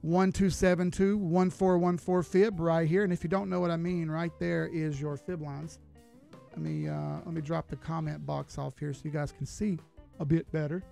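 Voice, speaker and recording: High-voiced casual chart-streaming man. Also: flat delivery, moderate pace, gravelly, mellow, faint music behind. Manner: casual, folksy, chats with viewers while reading charts. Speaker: crypto chart analyst streamer. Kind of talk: live-stream chart analysis.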